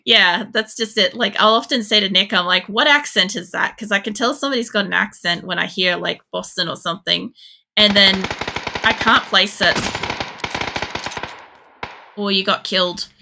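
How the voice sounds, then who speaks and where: A woman's voice: medium pitch, fairly even intonation, moderate pace, creaky, bright, forceful tone. A young woman from Poland streaming a shooter game, chatting casually in a rambling way, swearing freely and using lots of fillers. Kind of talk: casual chat while gaming.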